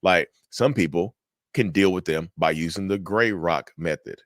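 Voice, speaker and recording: Man, deep-ish voice, dry close sound; casual, direct advice host. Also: normal speed, dry recording. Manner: direct, repetitive, addresses viewers as y'all. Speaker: mental health channel host.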